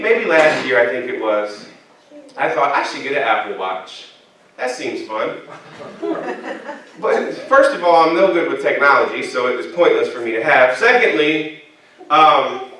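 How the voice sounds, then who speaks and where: A man preaching a sermon as pastor, telling funny stories about himself and bantering with the congregation. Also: fairly high pitch. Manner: animated, humorous storytelling with congregation banter. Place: church sanctuary. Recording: echoey church hall from a distant mic.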